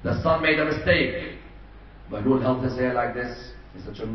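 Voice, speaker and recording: A man's voice: medium pitch, lively intonation, moderate pace, a little hiss or hum. A man delivering a majlis sermon in a large community hall, telling a story dramatically and voicing its characters. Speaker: preacher. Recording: distant echoey hall, dull sound.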